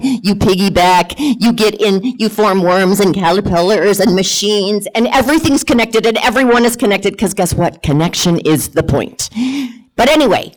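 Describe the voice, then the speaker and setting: Animated woman telling a comic story. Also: mid-range voice, rough recording. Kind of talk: personal storytelling to an audience.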